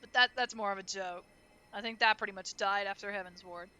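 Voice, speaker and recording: Bright-voiced woman streaming a game. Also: mid-range voice, steady tone, brisk, a little hiss or hum. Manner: chatty, joking, talks to viewers. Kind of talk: let's play commentary.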